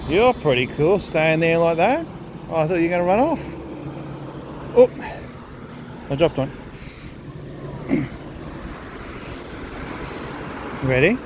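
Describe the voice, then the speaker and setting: A man with a slightly high, very lively voice speaks slowly and tenderly to a wild bird. His coaxing, affectionate tone rises and dips freely. Faint insect chirping hums in the open air behind him. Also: background noise. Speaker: vlogger feeding a wild bird. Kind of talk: casual talk to an animal.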